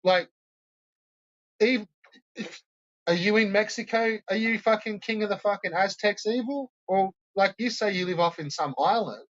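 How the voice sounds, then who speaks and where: Ranting and cursing constantly, a troll-reaction stream host mocks his viewers in profane commentary. He speaks at a normal speed with a high-sitting, fairly bright voice. The audio is lo-fi.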